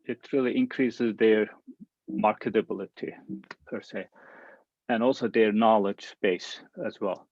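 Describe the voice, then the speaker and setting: Man, Turkish native, hesitant professor, husky and gravelly voice, dry lo-fi audio. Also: lowish voice, fairly even intonation, unhurried, darkish tone, no room sound. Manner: hesitant, with many "uh"s. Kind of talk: presenting a program in a webinar.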